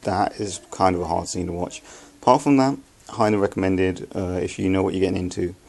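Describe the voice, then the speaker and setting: A young man giving a casual, halting film review, with many ums and restarts as he talks to his viewers. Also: deep voice, steady tone, vocal fry, a little mellow.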